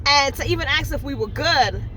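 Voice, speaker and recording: Blunt, high-voiced New York woman. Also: fairly quick. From Brooklyn, New York. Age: 30s. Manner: blunt, animated, heavy street slang. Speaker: vlogger. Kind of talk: casual chat.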